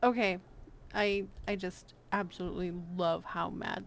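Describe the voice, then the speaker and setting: A woman's voice: mid-range voice, fairly even intonation, normal speed, vocal fry, slight background noise. A woman streamer chatting casually while she draws, playful and self-amused. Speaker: art streamer. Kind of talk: casual chat while drawing.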